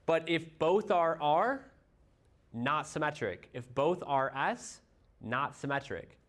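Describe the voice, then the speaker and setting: A man's voice: a little high, expressive, slow, a bit bright. A man with a Midwestern accent reviewing chemistry for a class, explaining step by step with everyday analogies and quizzing his students. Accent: Midwestern American. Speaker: chemistry teacher.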